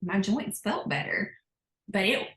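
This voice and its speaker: A woman's voice: mid-range voice, unhurried, a bit bright, echoey room, poor audio. A woman with a Southern American accent, a podcast guest earnestly talking through her own story in casual chat.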